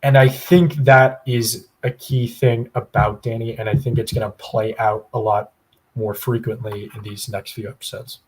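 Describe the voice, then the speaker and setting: A man's voice: on the low side, flat delivery, moderate pace. Man, podcast co-host, casual analysis, opinionated, long-winded. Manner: long, opinionated monologue with many fillers.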